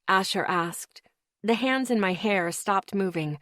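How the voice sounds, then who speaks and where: A woman reading a first-person audiobook in a steady, measured way. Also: mid-range voice, no room sound, clean studio sound. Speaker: audiobook narrator.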